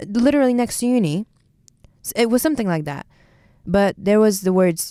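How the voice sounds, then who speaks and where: A young woman in her twenties from Bulgaria, speaking English in a casual podcast chat, animated and opinionated. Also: medium pitch, dry recording, studio quality. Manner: animated, opinionated, quick asides. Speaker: podcast co-host, university student.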